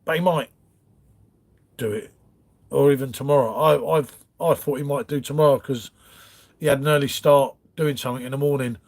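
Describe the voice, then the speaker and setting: A man's voice: mid-range voice, fairly even intonation, moderate pace, long pauses, darkish tone. A man hosting a casual livestream from his front room, rambling through viewer comments and calling everyone mate. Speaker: livestream host. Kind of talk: casual live chat reading comments.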